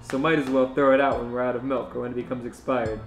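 A man's voice: medium pitch, little pitch movement, fast talker, roomy sound, soft background music, natural voice. A man voicing an arrogant male alien invader with a snarky, haughty manner.

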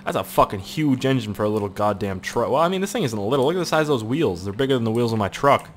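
A young Nova Scotia man hosts a gaming video with fast, lively-intoned talk in a mid-range voice, against slight background noise. His casual commentary is crude and rambling, with frequent swearing, an irritated throat, and silly voices for anyone he quotes.

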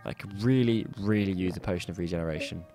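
A man doing let's play commentary, swearing and yelling angrily at the enemies in his game. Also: low-pitched, quick pace. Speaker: gaming channel host. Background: faint game music.

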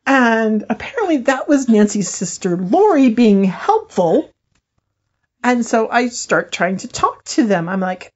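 A woman co-hosting a podcast, telling a story in a lively way and laughing often. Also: on the high side, slow, muffled recording. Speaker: podcast co-host.

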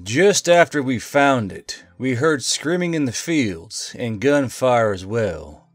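A man's voice: mid-range voice, dry recording. Dry synthetic male story narrator. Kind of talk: synthetic reading of a tabletop game story. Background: faint music.

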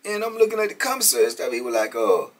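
A man's voice: high-pitched, sing-song, rapid-fire. A man in his fifties telling prison stories in a casual, emphatic street-talk monologue, often chuckling and tagging lines with "man".

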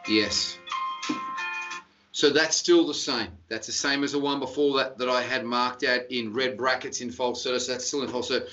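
Male vocal coach, crisp bright tone, methodical and encouraging, distant muffled online-lesson audio. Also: mid-range voice, fairly even intonation, normal speed, faint music behind. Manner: explains and corrects step by step with brief praise. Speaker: singing teacher. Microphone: video call. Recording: dull distant video-call audio.

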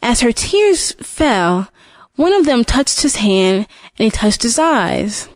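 A woman's voice: on the high side, very animated, takes it slowly, dry recording. A woman retelling a fairy tale from memory, often restarting and repeating words as she goes. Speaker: storyteller. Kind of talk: unscripted storybook retelling.

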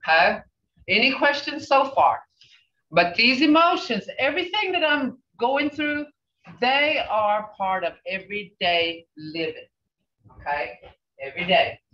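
An older woman teaching a language class, speaking slowly and repeating phrases with emphatic questions. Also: a little high, animated, sharp tone. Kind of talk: language lesson. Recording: roomy, distant, dull sound.

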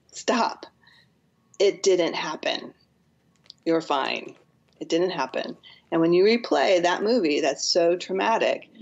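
A woman's voice: deep voice, vocal fry, darkish tone, highs cut off. A woman psychotherapist, a podcast guest, earnestly explaining with acted-out examples. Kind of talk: podcast interview.

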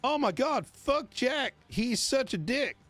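A man voicing a disgruntled female fast-food employee in a high, theatrical falsetto during a game role-play. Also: expressive, a bit bright, soft background music, full character voice. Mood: spiteful.

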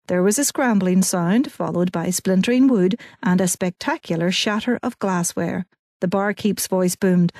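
A woman reading a novel aloud at a middling pitch, steady and clear. The recording is dry and close, with no room sound. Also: unhurried, no echo. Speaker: audiobook narrator. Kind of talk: scripted narration.

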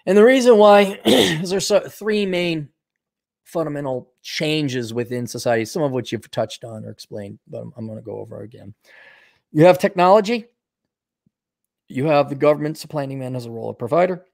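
A man's voice: fairly high pitch, normal speed, creaky, darkish tone. A man talking in a casual unscripted monologue, blunt, sardonic and opinionated, and saying he is losing his voice. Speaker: video commentator.

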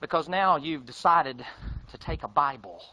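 A man preaching a fiery, folksy sermon. He mocks his listeners and swings between shouting and hushed tones. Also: a little high, animated, normal speed, low-quality recording.

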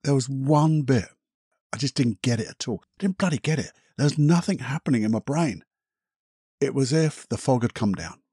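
A middle-aged man with a husky, slightly rough voice tells a personal story on his solo podcast. He is reflective and candid, swears casually and pauses often. The sound is dry and close, with no room around it. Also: mid-range voice, a little mellow, dry recording. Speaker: hypnotherapist podcast host.

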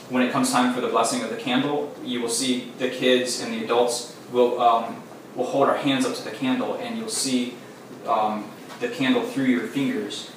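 A man talks a small group through a teaching in an easygoing way, pausing on "um"s as he explains. He sounds set back from the mic in a very echoey room, with faint noise underneath. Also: medium pitch, distant mic. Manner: relaxed, filler-heavy explaining. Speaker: teacher leading a Sabbath demonstration.

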